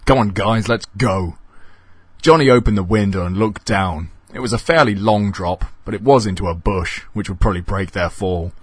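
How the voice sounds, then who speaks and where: A man reading a comic horror story aloud in a wry, deadpan way. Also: on the low side, a little fast, hardly any pauses, slightly rough, dry recording.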